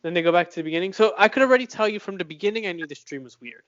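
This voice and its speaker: A young man co-hosting a casual podcast, talking bluntly and chattily with lots of fillers and quick laughs. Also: high-pitched, lively intonation, a bit bright, dry recording. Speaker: podcast co-host. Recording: dull lo-fi sound.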